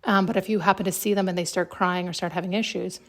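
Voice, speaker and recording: A woman hosting a podcast, telling a story in a chatty, excitable way and laughing often. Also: on the low side, fast talker. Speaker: podcast host. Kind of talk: casual storytelling monologue.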